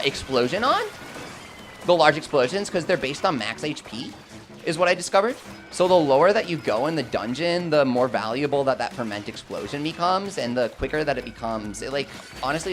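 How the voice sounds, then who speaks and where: A young man commentating live gameplay and chatting with his viewers, swinging between hype and quick explanations. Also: mid-range voice. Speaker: gaming streamer.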